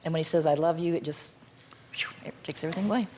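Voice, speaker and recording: A woman's voice: deep voice, quick pace, dark tone, a little hiss or hum. An older woman being interviewed as a talk show guest, answering in a firm, emphatic way.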